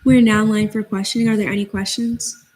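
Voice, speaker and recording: A young woman chairing a student senate meeting, reading votes and calling speakers in a brisk procedural way. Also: mid-range voice, level tone, a little mellow.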